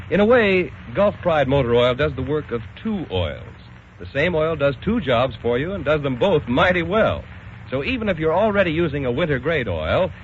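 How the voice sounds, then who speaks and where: A man's voice: a little high, a little hiss or hum. A man reading a scripted commercial in a folksy, persuasive way. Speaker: announcer. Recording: muffled old radio broadcast.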